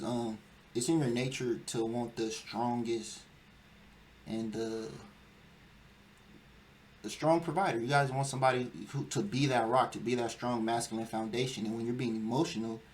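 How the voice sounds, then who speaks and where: A man's voice: mid-range voice, slight background noise. A young man hosting a casual dating talk show, laying out his views emphatically and acting out whiny quotes. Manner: emphatic, lecturing, acts out quoted whining. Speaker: podcast host. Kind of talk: casual chat.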